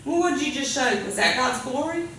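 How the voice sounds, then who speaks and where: A woman's voice: high-pitched, expressive, a little fast, fairly bright tone. A woman preaching a sermon in an earnest, conversational way, often repeating her phrases. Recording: echoey room, far from mic, faint hiss.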